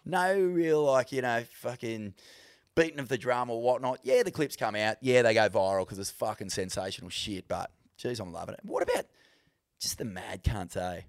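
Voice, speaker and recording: A man's voice: medium pitch, animated, normal speed, no room sound, clean studio sound. A young Australian man co-hosting a podcast in casual, sweary, laid-back chat. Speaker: podcast co-host.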